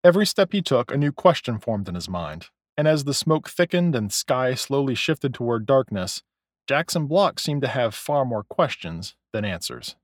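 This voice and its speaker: Male audiobook narrator, mid-pitched, animated rise and fall, dry close recording. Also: normal speed, dry recording. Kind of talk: scripted narration.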